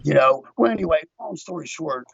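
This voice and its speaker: A man's voice: on the high side, animated, fairly quick, gravelly, a bit bright, slightly rough, dull audio. A man, a guest on a podcast, chatting casually and animatedly acting out his own story. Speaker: guest, window tint shop owner.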